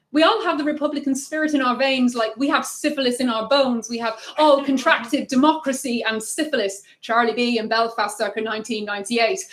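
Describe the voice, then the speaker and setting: A woman reads her poems aloud in a rhythmic, wry cadence, her fairly high voice breaking into sudden emphatic bursts. The recording comes from a livestream in a room that echoes noticeably around her. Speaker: poet. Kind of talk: poetry reading.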